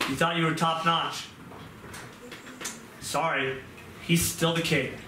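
A middle-aged man preaching a sermon with impassioned pleading that drops to hushed, tearful moments. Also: fairly high pitch, little pitch movement, normal speed, pauses often. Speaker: pastor. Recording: echoey room, mic at a distance, audible background noise.

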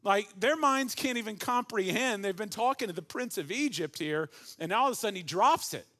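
A middle-aged man, a pastor preaching a sermon with animated swings from hushed to loud. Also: high voice, normal speed.

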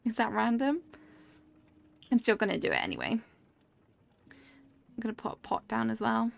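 Chatty woman streamer with gravelly fry. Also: a little high, wildly swooping pitch, normal speed. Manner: chatty, reacts aloud to the game and reads chat. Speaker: game streamer. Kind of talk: casual live-stream chat while playing.

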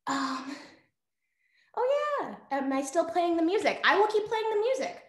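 Teaching a dance workshop over video call, a young instructor speaks in an extremely high, very animated voice, a little slow. She's upbeat and talkative, out of breath and using lots of fillers, in an echoey room.

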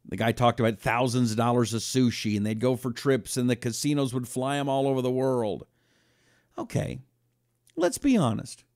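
A man's voice: medium pitch, normal speed, no echo, clean studio sound. A man hosting a talk radio show, telling stories and acting out quotes. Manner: animated storytelling, acting out quotes.

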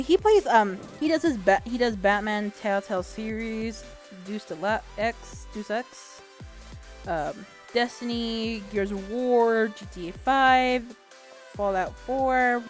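A young woman talks casually to her gaming audience, rambling along with plenty of "um"s and quick self-corrections. Her voice sits at a middling pitch for a woman, and faint music plays underneath. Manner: rambling and chatty, with many fillers and self-corrections; swears casually. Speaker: gaming channel host. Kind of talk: casual vlog chat.

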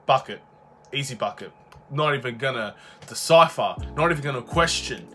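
A young man from Australia giving live commentary on his basketball video game, excitable, swinging between low muttering and frustrated shouts. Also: normal speed, faint music behind. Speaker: gaming YouTuber.

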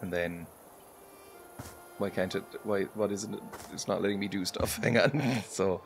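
Male streamer, low-pitched, rambling and self-mocking, game music clearly behind him. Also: steady tone, a little slow. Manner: rambling, self-deprecating, chatty with frequent laughs. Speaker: gaming channel host. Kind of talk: casual let's-play commentary. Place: home streaming setup. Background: game music playing clearly.

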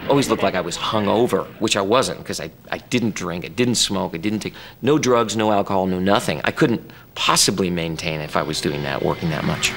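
A man with a low, gravelly voice recounts things in an animated, emphatic way. The archival interview audio carries a clear layer of noise under him. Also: brisk, hardly any pauses. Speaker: pop singer interviewed.

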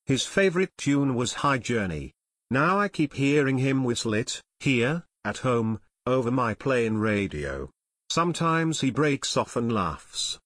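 A man's voice: mid-range voice, expressive, measured pace, no echo, studio quality. A man voicing a haggard, nervous chief pilot. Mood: tense. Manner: hushed, quavering, pleading.

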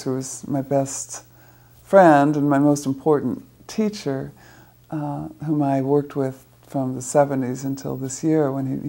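Older woman, low gravelly voice. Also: warm tone. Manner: thoughtful, measured, restarts mid-phrase. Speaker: psychotherapist. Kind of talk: explaining in an interview.

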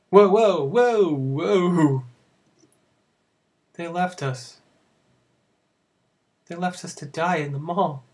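A man's voice: fairly high pitch, very slow, long pauses, darkish tone. A young man commenting sarcastically over a visual novel he plays, rambling and laughing at it. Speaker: let's play host. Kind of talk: casual gameplay commentary.

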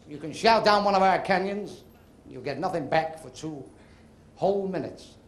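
A man voicing a gruff, boastful American army general, in a live stand-up bit. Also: high voice, lively intonation, normal speed, a little hiss or hum, pitched below the performer's own voice. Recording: echoey club with crowd laughter.

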